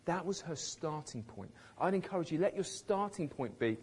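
Lively husky-voiced male preacher. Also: fairly high pitch, normal speed. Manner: conversational, emphatic, quotes voices with light humour. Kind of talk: sermon.

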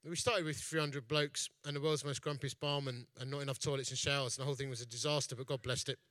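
A man's voice: medium pitch, steady tone, fast, a bit bright, no echo. A man preaching in a chatty, jokey storytelling way. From East London, England. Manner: jokey, chatty, self-mocking. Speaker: evangelist speaker, festival founder. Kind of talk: storytelling sermon.

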